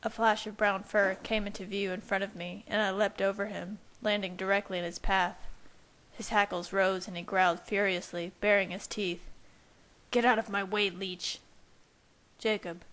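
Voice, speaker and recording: A woman's voice: mid-range voice, level tone, moderate pace, a bit bright, poor audio. Woman narrating a fan story aloud. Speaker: fanfiction reader. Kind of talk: audiobook-style narration.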